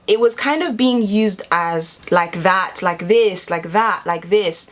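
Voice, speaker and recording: A woman's voice: mid-range voice, normal speed. Chatty young woman vlogging. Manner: chatty, animated, rambling. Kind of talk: casual vlog talk to camera.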